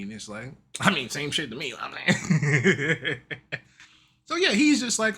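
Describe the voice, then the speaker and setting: A man hosting a casual manga and game recap, talking in an animated, slangy way and laughing often. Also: high-pitched, moderate pace, gravelly, slightly rough. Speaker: YouTube host.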